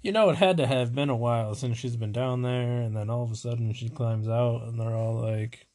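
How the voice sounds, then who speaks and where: A man's voice: mid-range voice, a little fast, darkish tone. A man co-hosting a casual movie chat, speaking in a laid-back, hesitant way with many fillers.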